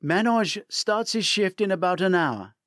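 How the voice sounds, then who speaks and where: A man voicing a friendly young female waitress in a spoken audiobook, pitching his voice up. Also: animated, measured pace, a bit bright, no room sound, clean studio sound. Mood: helpful.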